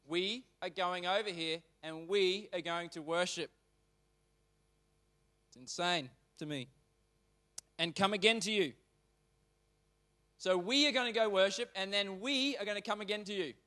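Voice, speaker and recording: A male pastor gives a sermon in church with a fairly high voice. He moves between reading scripture and loose, animated talk, often turning suddenly loud or quiet. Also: unhurried, pauses often.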